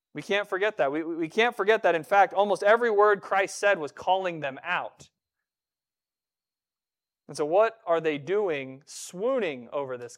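A male pastor preaches in a relaxed, conversational way, stumbling over and repeating words as he goes. His voice is smooth and clear, set a touch high for a man, and he slips into quoted voices to make his points. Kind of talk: sermon.

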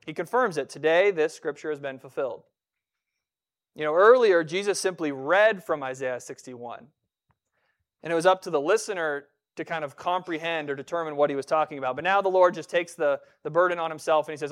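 A man's voice: a little high, expressive, fairly quick. A man preaching a sermon in a conversational way, often restarting words and acting out quoted voices. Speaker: pastor.

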